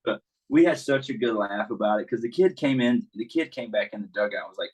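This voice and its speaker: A man's voice: lowish voice, lively intonation, a little fast, a little mellow, breathy edge, poor audio. A man, a baseball coach, chatting casually as a guest and telling stories with lots of fillers and restarts. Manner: easygoing storyteller, many restarts and fillers. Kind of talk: casual podcast chat.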